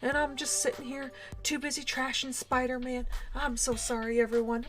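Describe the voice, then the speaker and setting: A woman's voice: high voice, level tone, normal speed, hardly any pauses, fairly bright tone, soft background music. A young adult woman streaming a game, chatting casually with viewers in a giggly, self-deprecating way. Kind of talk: casual livestream chat while playing a game.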